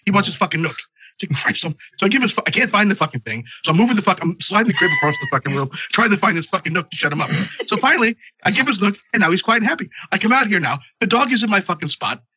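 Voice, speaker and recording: A man's voice: high-pitched, big pitch swings, racing, pushed and bright, slight background noise. A man hosting a podcast, telling a long comic story full of profanity while congested. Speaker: podcast host. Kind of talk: casual podcast chat.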